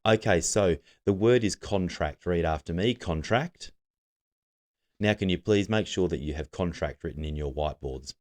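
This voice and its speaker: A man's voice: low-pitched, a little fast, hardly any pauses. A man teaching a recorded literacy lesson, giving patient step-by-step instructions to students.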